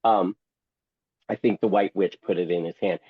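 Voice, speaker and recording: A man's voice: deep voice, fairly even intonation, normal speed, breathy edge, no room sound, phone-quality sound. A man who is a guest and memoir author, telling a story theatrically and with humor, acting out other people's voices. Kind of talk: storytelling, reading from his memoir.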